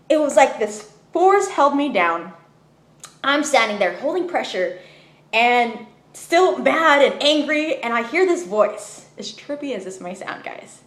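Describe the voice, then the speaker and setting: Woman, casual testimony, emphatic and chatty, slightly high voice, roomy echo. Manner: animated, emphatic, many fillers like "you know what I mean". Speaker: storyteller. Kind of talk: personal testimony, casual storytelling.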